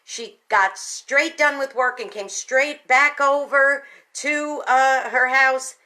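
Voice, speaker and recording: A woman hosting a radio talk segment, retelling a story with expressive, folksy emphasis and speaking straight to her listeners. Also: sits high, slow pace, low-quality recording. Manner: folksy, addresses listeners directly. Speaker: radio station general manager.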